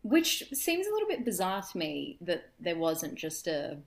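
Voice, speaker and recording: An Australian woman in her thirties hosting a podcast, telling travel stories in casual chat with deadpan asides. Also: fairly low pitch, moderate pace. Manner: chatty storyteller with deadpan asides. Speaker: podcast host.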